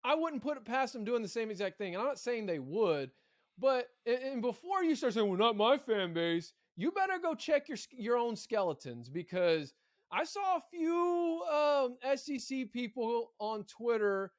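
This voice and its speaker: High-voiced man on a sports podcast. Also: moderate pace, dry recording, studio quality. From Arkansas. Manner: animated, repeats words when thinking. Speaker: podcast co-host. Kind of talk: casual sports chat.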